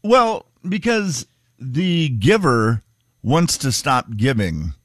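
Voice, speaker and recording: A man's voice: mid-range voice, big pitch swings, slow pace, fairly bright tone, no echo, clean studio sound. A man co-hosting a radio show, playful and teasing, who grew up in eastern Washington. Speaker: radio co-host. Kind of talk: casual radio banter.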